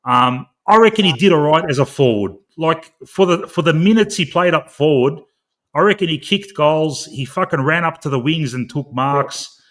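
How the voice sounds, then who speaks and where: A man's voice: a little high, moderate pace, fairly bright tone. A man co-hosting a casual football chat, laid-back and agreeable, calling people mate. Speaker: podcast co-host.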